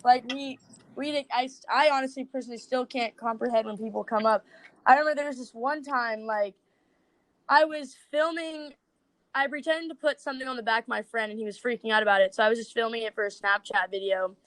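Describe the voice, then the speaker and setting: A young-sounding woman with a fairly high voice talks loosely and chattily as a podcast guest, leaning on "like" between thoughts. The recording is dry and close, with no room sound around her. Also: steady tone, fairly quick, fairly bright tone, no room sound. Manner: chatty, heavy use of "like". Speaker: social media creator guest. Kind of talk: casual podcast chat.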